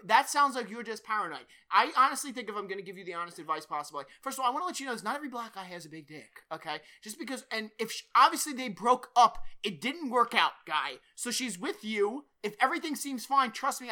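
A man's voice: sits high, big pitch swings, quick pace, hardly any pauses, bright, forceful tone. A man hosting a podcast in casual chat, rambling, swearing and often laughing. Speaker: podcast host.

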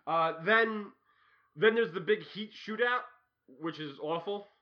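A man on a casual podcast, walking through a film plot in a loose, rambling way and leaning on fillers. His voice is a bit high for a man, and the audio sounds dull and lo-fi. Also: measured pace. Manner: rambling movie recap with fillers. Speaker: podcast co-host. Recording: muffled lo-fi audio.

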